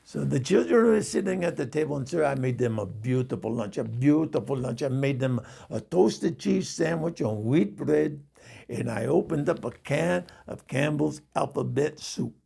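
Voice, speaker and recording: A man's voice: a little high, lively intonation, moderate pace, creaky, mellow, breathy edge, exaggerated voice. A man doing an indignant rambling cab driver. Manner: repeats "sir" and tells it with indignation. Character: indignant rambling male taxi driver, middle-aged.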